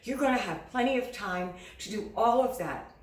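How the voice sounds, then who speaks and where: A middle-aged woman singing teacher speaks directly to camera, offering earnest, encouraging advice to beginners and acting out their inner self-doubt. Her voice is a little high and animated at a moderate pace, recorded from a distance in an echoey room.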